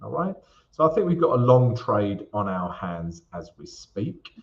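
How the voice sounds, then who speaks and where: A man's voice: fairly low pitch, big pitch swings, unhurried, muffled recording. A man hosting a live stream Q&A, talking casually through chart analysis with frequent fillers and tag questions. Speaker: forex trading host.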